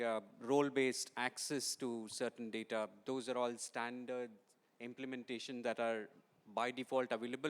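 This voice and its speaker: A man answering a question on an industry panel in a measured way, with many hesitation fillers. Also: medium pitch, a bit bright, smooth. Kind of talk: panel discussion.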